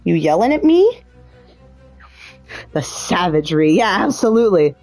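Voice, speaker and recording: A woman's voice: on the low side, very animated, moderate pace, darkish tone, soft background music. A woman livestreaming a puzzle game, thinking aloud in a chatty way and swearing freely. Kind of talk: casual gameplay commentary.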